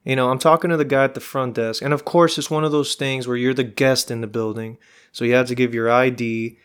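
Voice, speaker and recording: A man's voice: medium pitch, steady tone, a little fast, smooth. A young man, hosting a podcast and telling a rambling, exasperated, profane story in casual chat. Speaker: podcast host.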